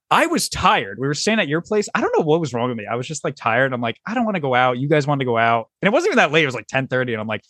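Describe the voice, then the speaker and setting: A man's voice: medium pitch, a bit bright, no echo, studio quality. A young man hosting a casual podcast, telling a rambling story and swearing freely as he acts out his friends. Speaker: podcast host.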